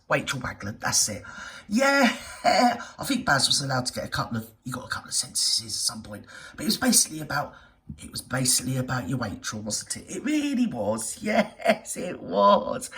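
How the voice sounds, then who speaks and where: A woman's voice: on the low side, recorded from a distance. A woman hosting a reaction video with camp, theatrical, sarcastic comedy commentary.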